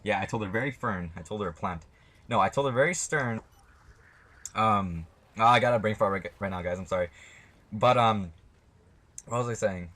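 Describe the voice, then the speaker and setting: Young male vlogger, slightly low voice; loose, profane, blunt storytelling. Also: moderate pace, long pauses, fairly bright tone. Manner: rambling, swears a lot, blunt. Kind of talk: casual storytelling to camera.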